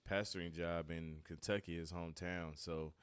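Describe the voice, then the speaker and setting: A man talking casually as a podcast guest, relaxed and repeating words as he gathers his thoughts. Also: low voice, normal speed, clean tone, no room sound. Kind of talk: casual conversational interview.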